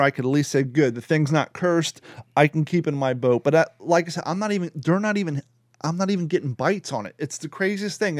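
A man hosting a casual chat, animated and swearing, acting out voices in his stories. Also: a little high, no echo, clean studio sound. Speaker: podcast host.

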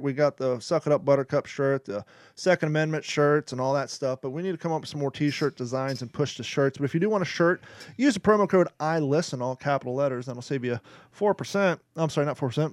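A man's voice: on the high side, fast talker, darkish tone, no echo. A man hosting a podcast, chatting casually with rambling asides, fillers and jokes. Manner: rambling, joking, many fillers. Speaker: podcast host. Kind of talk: casual chat.

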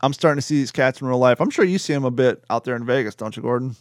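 A man hosting a casual chat, animated and swearing, acting out voices in his stories. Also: medium pitch, very fast, no room sound, clean studio sound. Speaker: podcast host.

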